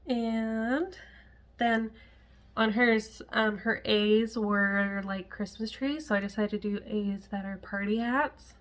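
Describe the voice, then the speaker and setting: A woman's voice: medium pitch, fairly even intonation, slow. A woman chatting casually to camera at home as a cross-stitch vlogger, rambling with frequent laughs and asides.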